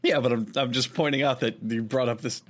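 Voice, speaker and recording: A man's voice: mid-range voice, steady tone, brisk. A man co-hosting a podcast, riffing in casual banter and acting out silly voices in his stories. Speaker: podcast co-host.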